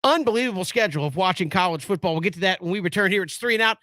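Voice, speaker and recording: High, bright-voiced sports radio host. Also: male voice, rapid-fire, dry recording. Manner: relaxed, does the show plugs. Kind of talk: casual sports radio talk.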